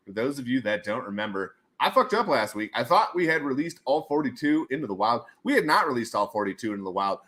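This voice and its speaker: Animated, bright-voiced male streamer. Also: medium pitch, quick pace, hardly any pauses. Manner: animated, breaks into goofy shouted voices and laughs; thinks aloud while working on screen. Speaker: livestream host. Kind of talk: casual livestream chat.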